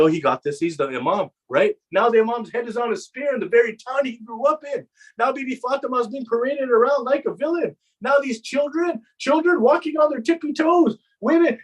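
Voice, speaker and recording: A man narrating a Muharram mourning sermon with impassioned storytelling, repeating phrases for emphasis and often halting mid-sentence. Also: extremely high pitch, rough recording. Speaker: majlis speaker.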